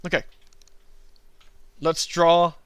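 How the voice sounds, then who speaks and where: A man's voice: a little high, flat delivery, very slow, clear, resonant tone, no echo. A man hosting a drawing livestream, chatting casually with his viewers and often laughing. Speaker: livestream host, cartoonist. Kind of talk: casual chat while drawing.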